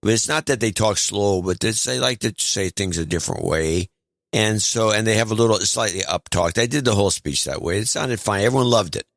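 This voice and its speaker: Low-voiced, wry male co-host. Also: fairly quick, a bit bright, dry recording. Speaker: podcast co-host. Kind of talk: casual chat.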